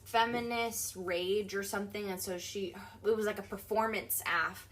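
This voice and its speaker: A woman's voice: medium pitch, fairly even intonation, moderate pace, fairly bright tone. A young adult woman talking animatedly as an interview guest, emphatic and full of fillers. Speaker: guest, accessibility advocate. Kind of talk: casual interview talk.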